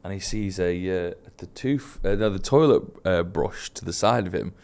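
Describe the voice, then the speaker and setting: A British man co-hosting a comedy podcast, telling a chaotic holiday story in a casual, animated way and laughing as he goes. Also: deep voice, normal speed, gravelly. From Britain. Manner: animated, laughs through his stories. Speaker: podcast co-host.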